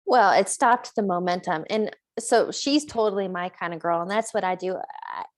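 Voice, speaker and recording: A woman's voice: mid-range voice, normal speed. A woman hosting a conversation, direct and straight-talking. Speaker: podcast host. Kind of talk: casual chat.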